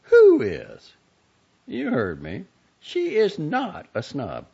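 A man voicing a sharp-tongued teenage girl who talks in curt, stubborn retorts. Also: a little high, wildly swooping pitch, moderate pace, creaky, breathy edge, voice pushed up, full character voice. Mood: blunt. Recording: dull lo-fi recording.

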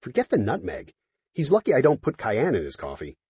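A man's voice: mid-range voice, wildly swooping pitch, a little fast, darkish tone, breathy edge, dry recording, muffled recording, pitched above the performer's own voice, heavily acted. A man voicing a weary, laconic male space pirate in an audiobook.

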